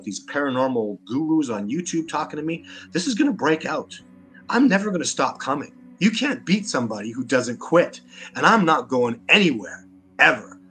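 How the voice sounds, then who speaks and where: A man's voice: mid-range voice, a bit bright. A man with a Canadian accent, speaking as an interview guest in an emphatic, combative way, often repeating words as he gets worked up. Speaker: interview guest, Sasquatch researcher. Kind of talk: animated interview talk.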